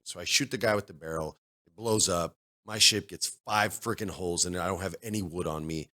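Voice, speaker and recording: Bright-voiced man telling a story. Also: deep voice, brisk. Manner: animated, acts out other players' voices in loud bursts. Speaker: podcast co-host. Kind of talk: casual storytelling chat. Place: studio.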